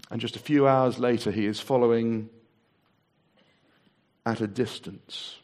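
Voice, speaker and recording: A man preaching a sermon, acting out the voices in the story and dropping to a hushed, low voice for solemn points. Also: unhurried. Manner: dramatic, acts out the voices in the story.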